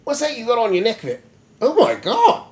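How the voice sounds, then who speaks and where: A man's voice: very high-pitched, huge pitch swings, normal speed, darkish tone, voice pushed up, exaggerated voice. A man voicing a cruel male monkey-like monster who shrieks and gloats. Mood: mocking.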